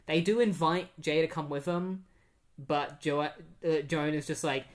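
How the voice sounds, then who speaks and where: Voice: mid-range voice, fairly even intonation, measured pace. Chatty comic book podcast host. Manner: chatty, with many fillers. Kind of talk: casual comic book recap.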